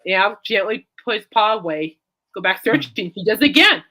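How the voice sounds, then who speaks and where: A woman's voice: mid-range voice, expressive, a little fast, bright, forceful tone. A woman hosting a casual chat show, rambling and giggling as she tells everyday stories. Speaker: podcast host.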